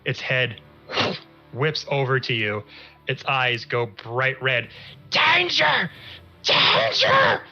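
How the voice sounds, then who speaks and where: Male dungeon master, bright voice, slow drawn-out scene narration, faint music behind. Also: medium pitch, steady tone, lo-fi sound. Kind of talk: narrating a tabletop game.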